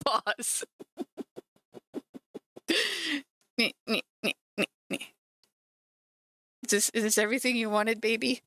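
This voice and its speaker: A woman's voice: fairly high pitch, very animated, drawn-out words, pauses often, pushed and bright. A woman streaming as she paints miniatures, chatting casually and teasing her cat at home. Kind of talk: casual live-stream chat.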